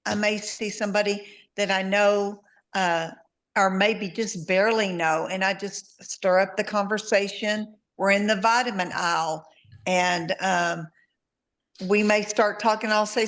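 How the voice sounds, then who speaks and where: A woman's voice: mid-range voice, fairly bright tone. A woman with a Southern drawl, chatting on a call about meeting people while out shopping. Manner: chatty storytelling, easy laughs. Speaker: guest distributor. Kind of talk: casual video-call chat.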